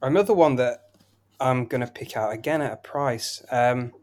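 A man's voice: medium pitch, normal speed, a little mellow. A man co-hosting a betting podcast, giving football picks and reeling off results and prices in flowing runs. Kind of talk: casual betting tips chat.

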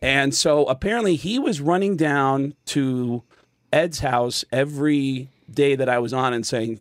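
A man's voice: medium pitch, expressive, normal speed, no room sound. A comedian guest in a studio, telling a casual story with many fillers and restarts, acting out the people he quotes.

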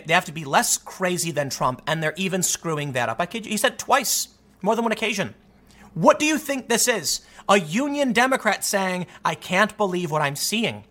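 A male commentator talks through the news on his own, reading out article passages and breaking in with emphatic rhetorical questions. His voice sits high for a man and swings widely in pitch. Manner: animated, emphatic, rhetorical asides. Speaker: political commentator. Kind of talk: solo political commentary reading news aloud.

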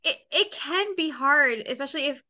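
A woman's voice: high voice, animated, normal speed, sharp tone. A woman hosting a casual interview over a video call, chatting in a bubbly, upbeat, storytelling way. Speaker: podcast host.

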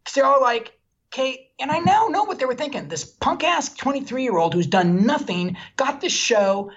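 Husky man telling a candid story. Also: very high-pitched, expressive, normal speed, fairly bright tone, muffled recording. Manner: self-deprecating, candid storyteller. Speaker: film director guest. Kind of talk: animated anecdotal storytelling.

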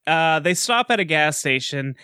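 A man co-hosting a casual movie-review podcast, animated and laughing, often restarting his sentences. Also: fairly high pitch, moderate pace, smooth, no room sound, studio quality. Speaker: podcast co-host.

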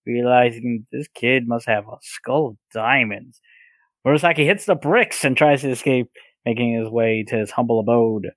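A man's voice: mid-range voice, normal speed, dry recording. A man co-hosting a podcast, recapping a cartoon plot in casual narration, hesitant, with many restarts. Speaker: podcast co-host.

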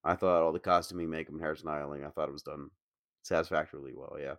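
A very deep-voiced man co-hosting a podcast talks fast as he tears into a film in relaxed discussion. He's blunt, critical and swears freely. The recording is close and dry, with no room echo.

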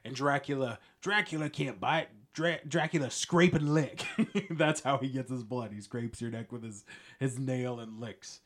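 A man hosting his own podcast alone, talking in a rambling, jokey way with frequent chuckles, swinging between low mutters and loud bursts. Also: measured pace. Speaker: podcast host. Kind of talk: casual solo podcast monologue.

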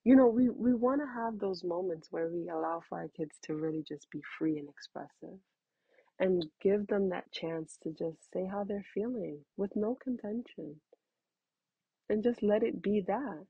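A woman's voice: medium pitch, normal speed, vocal fry, slightly rough, no echo, narrow, tinny audio. A woman in her thirties giving frank, conversational parenting advice, calling the listener honey. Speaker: parenting talk host. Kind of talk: casual advice talk.

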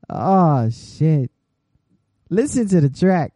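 A man hosting an internet radio show, giving loose, laughing on-air shout-outs and swearing freely. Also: sits high, very animated, very slow, breathy edge, no echo, studio quality.

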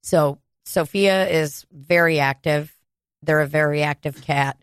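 A woman in her thirties from Kansas City, telling a casual, profane, animated story on a podcast. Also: low-pitched, measured pace, smooth, no echo. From Kansas City, United States.

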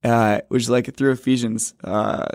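With a creaky, slightly mellow mid-range voice and fairly even intonation, a twenty-year-old man is recorded in a clean, echo-free studio. His faith testimony comes out as casual, rambling storytelling, peppered with "like" and swift self-corrections.

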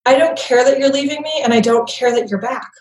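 A woman voicing an avoidant baby who sounds flat and dismissive. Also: sits high, brisk, reverberant, voice pushed up, lightly acted, rough recording. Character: aloof avoidant baby, cool and indifferent.

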